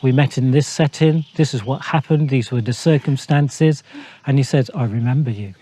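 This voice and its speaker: A man from the United Kingdom tells his part of a missionary story, calm and measured, with small hesitations. His voice is mellow and dark, at a middling pitch. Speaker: missionary guest. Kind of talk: storytelling in a faith talk show.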